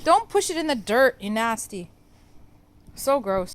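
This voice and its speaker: A woman's voice: fairly high pitch, big pitch swings, a little slow. A young woman filming her baby at home, coaxing him in a sing-song voice. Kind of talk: home video baby talk.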